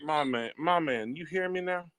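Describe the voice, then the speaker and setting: A man's voice: a little high, moderate pace, fairly bright tone, clear, resonant tone, dry recording, studio quality. A man calling in to a live stream, defensive and swearing in loose street talk. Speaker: caller. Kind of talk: live call-in.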